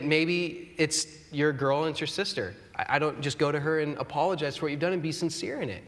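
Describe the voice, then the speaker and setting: High-voiced earnest preacher in echoing hall. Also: male voice, fairly quick, few pauses, a bit bright. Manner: earnest, conversational, self-deprecating humor. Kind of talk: sermon. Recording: long hall reverb.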